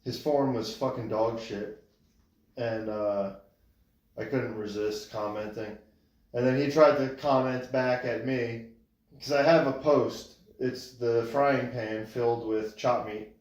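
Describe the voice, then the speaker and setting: A man's voice: medium pitch, fairly even intonation, takes it slowly, a little mellow. A man co-hosting a podcast, telling stories in a laid-back, casual way and swearing freely. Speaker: podcast co-host. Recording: echoey room.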